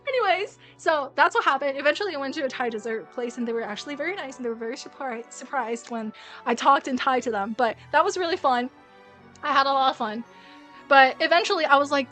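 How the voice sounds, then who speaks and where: A young woman with a high, bright voice tells a story live on stream. She is animated and profane, restarting sentences as she goes. Faint music plays behind her. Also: brisk. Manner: animated, swears a lot, frequent restarts. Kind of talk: casual story time on stream.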